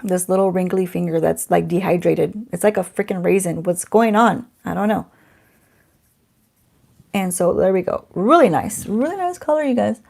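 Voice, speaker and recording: Chatty woman with a gravelly edge. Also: on the low side, moderate pace, a little mellow. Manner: chatty, self-teasing, talks to someone off camera. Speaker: beauty vlogger. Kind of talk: casual unboxing chat.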